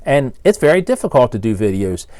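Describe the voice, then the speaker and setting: An engine builder and shop owner in his sixties, from the Baltimore area of Maryland with a Baltimore accent, rants bluntly and with exasperation at his critics in a one-take video to camera. His medium-pitched, mellow voice is very animated and brisk. The recording is dry and studio quality.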